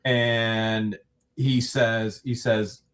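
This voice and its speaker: A man telling a story about a court hearing, acting out the people he quotes with big pitch jumps. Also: level tone, very slow, a bit bright. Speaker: guest recounting a court hearing. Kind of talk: animated storytelling.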